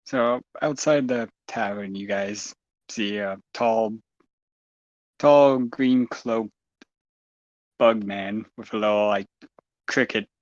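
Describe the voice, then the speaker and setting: A low-voiced man takes his turn at a tabletop game and describes his character, pausing often as he hunts for words. The voice is close and dry, and the mic sounds dull and lo-fi. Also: no room sound. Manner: halting, searching for words. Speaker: player.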